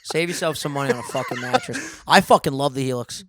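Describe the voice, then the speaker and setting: A man co-hosting a podcast, telling stories in a loose, profane, joking way. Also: mid-range voice. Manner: loose, profane storytelling with quick jokes. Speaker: podcast co-host. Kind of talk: casual podcast banter. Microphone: studio dynamic microphone.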